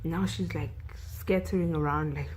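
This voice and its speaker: A woman's voice: low-pitched, steady tone, normal speed, darkish tone, slight background noise, low-quality recording. A young South African woman vlogger recapping a film in a chatty way, saying "like" and "you know" a lot.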